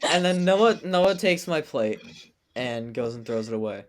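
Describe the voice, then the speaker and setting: Heavy background noise surrounds this teenage podcast co-host as he tells a school story in a medium-pitched, unhurried voice. He laughs throughout and brings the quotes to life by acting out each voice.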